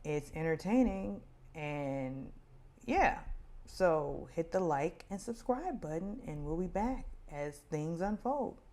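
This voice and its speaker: A woman hosting a casual recap of a reality show, chatty and opinionated, now and then mimicking people in a higher voice. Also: lively intonation, slow pace, few pauses, mellow. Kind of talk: casual commentary.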